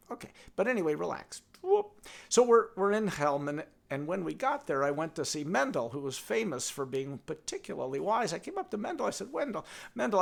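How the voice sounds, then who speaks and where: A man telling a folk tale in a lively, halting way, often restarting his sentences and turning aside to speak to his donkey. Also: on the high side, gravelly. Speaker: storyteller. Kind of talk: told folk tale with a puppet.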